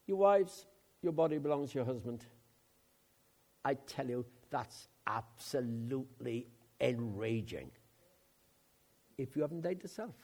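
An older man from Wales preaching a sermon, swinging between loud emphatic outbursts and quiet asides. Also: medium pitch, animated, a little slow, long pauses. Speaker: pastor.

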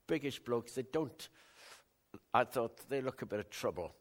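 Man, older, West Welsh accent, minister, casual storytelling, rambling, animated. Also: medium pitch, normal speed. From West Wales. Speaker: Christian minister. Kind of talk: casual testimony talk.

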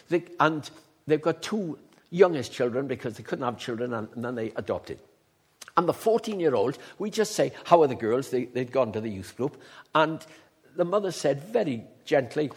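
An older man preaching a sermon, telling stories and swinging from hushed asides to loud, emphatic declarations, with a husky voice. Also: a little high.

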